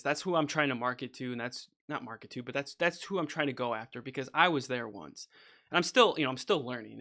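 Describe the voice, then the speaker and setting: Working in his home studio on a livestream, this composer chats loosely, often starting his sentences over and going off on opinionated soapbox tangents peppered with "freaking" and "you know." His mid-range voice sounds bright with a slight tension.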